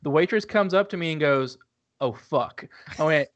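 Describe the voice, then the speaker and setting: A man in his thirties co-hosts a podcast and acts out the quotes in his stories. He has a laid-back manner and a voice that sits a little high for a man. The recording is dry and close. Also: quick pace, dry recording, muffled recording. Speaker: podcast co-host. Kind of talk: casual storytelling.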